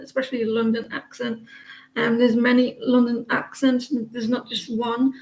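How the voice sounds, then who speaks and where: A woman's voice: fairly high pitch, flat delivery, moderate pace, a little mellow. Hesitant woman reading tarot on a live stream. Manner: hesitant, many fillers and restarts. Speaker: tarot reader. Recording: dull lo-fi sound.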